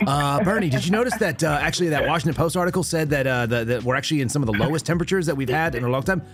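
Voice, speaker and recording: A man hosting a casual call-in show, telling stories in an animated, profane way. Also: a little high, rapid-fire, music in the background. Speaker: show host.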